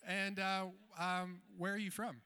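A man with a high, bright voice runs a mock game show with exclamatory showman patter. He is heard in a big hall with a long reverb. Music plays faintly behind him. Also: flat delivery, a little slow, smooth. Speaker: game show host at a live event.

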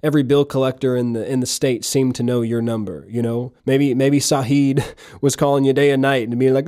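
A man delivering a relaxed, conversational podcast sermon in a mellow, warm voice at an ordinary pitch. He leans on rhetorical questions and slips in chuckling asides. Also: fairly quick. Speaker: podcast preacher.

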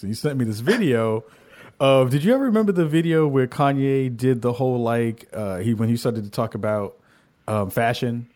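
A man hosting a podcast in casual banter, joking and telling stories in an animated way. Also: mid-range voice. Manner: animated, joking, fast storytelling. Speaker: podcast host.

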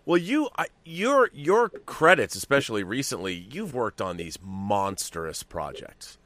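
A man's voice: medium pitch, very animated, a little slow, fairly bright tone, no room sound. A man hosting an interview podcast, asking curious questions and searching for his words as he goes. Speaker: podcast host.

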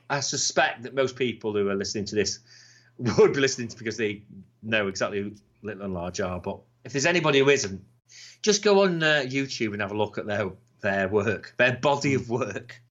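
A man's voice: mid-range voice, a little fast. Sweary man, casual podcast chat. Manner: sweary, animated, slips into impressions. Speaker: podcast co-host. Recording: slightly dull lo-fi sound.

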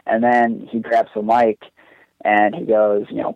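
A young wrestler, appearing as a podcast guest, tells a long personal story in a lowish, monotone voice with vocal fry, speaking a little slowly. He rambles earnestly and casually, saying "like" constantly, and the lo-fi recording sounds dull and dry.

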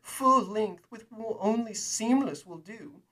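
A man's voice: high voice, slow pace, bright, forceful tone, pitched above the performer's own voice, full character voice. A man voicing a plump, decadent and bloodthirsty woman who coos her lines in a sing-song way. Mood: cooing. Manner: gushing, sing-song coo.

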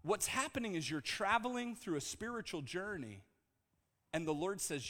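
A man preaching a lively sermon to his congregation, mixing calm teaching with jokes and bursts of shouting. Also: sits high, normal speed. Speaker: pastor. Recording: long hall reverb.

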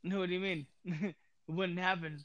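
A young man in casual chat, laid-back and profane, often trailing off low and mumbling. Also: fairly even intonation, normal speed, fairly bright tone, no echo, dull audio.

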